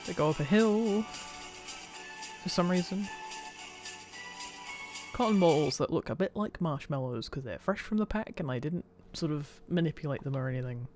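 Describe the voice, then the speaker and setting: A man's voice: on the high side, lively intonation, normal speed, long pauses, music in the background. A man giving a casual, self-deprecating commentary over his old home videos and laughing often.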